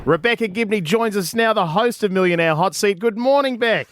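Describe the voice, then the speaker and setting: A man's voice: high-pitched, fairly quick, loud music behind the voice. A man co-hosting a breakfast radio show, playful and rambling, laughing often. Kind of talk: casual radio banter.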